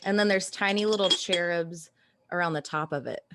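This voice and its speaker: A woman's voice: fairly low pitch, normal speed, noisy background. An American woman co-hosting a casual podcast chat, playful and giggly with theatrical asides. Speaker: podcast co-host.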